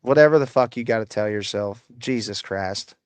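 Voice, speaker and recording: On the low side and moderately paced, his clear, resonant voice comes through in a dry recording as he livestreams from his rural American home, rambling profanely and poking fun at commenters.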